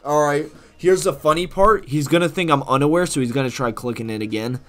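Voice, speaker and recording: A man's voice: a little high, fairly quick, a bit bright, faint music behind. A man giving profane, trash-talking live commentary while he plays a competitive game, swinging between rage and jokes.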